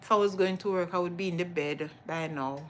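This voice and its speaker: A woman's voice: lowish voice, brisk, slight background noise. A middle-aged Jamaican woman hosting a casual cooking livestream from her home kitchen, chatting with viewers and repeating herself often.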